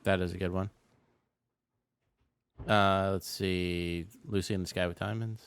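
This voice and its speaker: Brief: low-voiced male co-host, smooth and resonant, relaxed with fillers. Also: measured pace. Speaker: podcast co-host reading listener questions. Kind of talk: casual chat.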